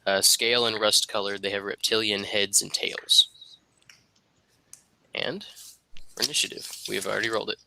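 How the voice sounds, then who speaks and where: A man's voice: lowish voice, little pitch movement, normal speed, vocal fry, pauses often, pushed and bright, slight background noise, rough recording. A man narrating as game master of a tabletop game, describing the scene with lots of fillers.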